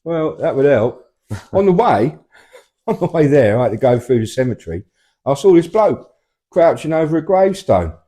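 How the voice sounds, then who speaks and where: Man, 50s, portsmouth english accent, mellow dark voice, hesitant and self-deprecating, deadpan comedy chat. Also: on the high side, normal speed, reverberant. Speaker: comedy double-act partner. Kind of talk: deadpan comic sketch chat.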